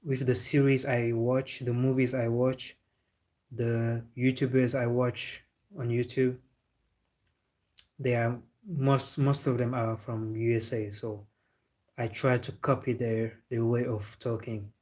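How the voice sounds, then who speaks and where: Young guy on his livestream, flat-ish voice, chatty, laughs a lot answering chat. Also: mid-range voice, takes it slowly. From Senegal. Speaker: football livestream host.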